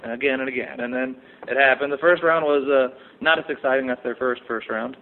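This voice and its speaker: A man's voice: medium pitch, fairly even intonation. Man laughing through a tinny fight recap. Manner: laughs often, does quick mock impressions. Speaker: podcast co-host. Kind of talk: casual fight recap chat. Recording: tinny phone-like audio.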